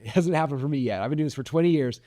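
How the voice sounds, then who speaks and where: A man's voice: a little high, rapid-fire, dark tone, no echo, studio quality. A man in his forties hosting a podcast, giving a rambling motivational talk full of likes and restarts. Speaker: podcast host.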